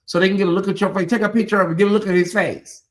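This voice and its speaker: A man hosting a livestream, chatting with his viewers in an animated way and laughing often. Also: sits high, racing. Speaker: host. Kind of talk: livestream commentary, talking to the chat.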